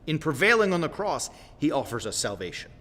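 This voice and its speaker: A man hosts a Christian livestream, preaching informally in a folksy, direct way with a high-ish, sing-song, fairly bright voice at a slightly fast pace. He rambles, often correcting himself and apologizing, and keeps asking "right?" as long reverb fills the roomy space.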